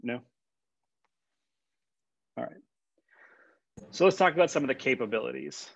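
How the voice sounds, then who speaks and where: A man's voice: medium pitch, animated, measured pace, dry recording. Man giving a casual classroom lecture. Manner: conversational, with frequent fillers and repeats. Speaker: college instructor. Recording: dull, dry lecture recording.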